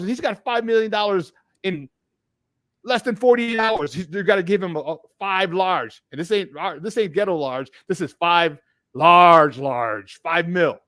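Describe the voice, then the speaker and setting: A man's voice: high-pitched, fairly bright tone, dry recording, clean studio sound. A man hosting a casual sports talk show, laughing often and arguing his points with emphatic energy. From Chicago area.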